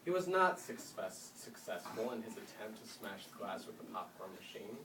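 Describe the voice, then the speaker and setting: A man's voice: on the low side, moderate pace, a loud crowd. Man reading a story aloud to classes. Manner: lively storytelling with dramatic swells. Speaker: reader to school classes. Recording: roomy room, mic far off.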